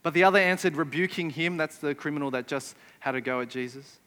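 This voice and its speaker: A man's voice: fairly high pitch, fast talker, hardly any pauses, sharp tone, big-room sound. A man preaching a sermon, emphatic and often putting rhetorical questions to his listeners. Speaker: pastor.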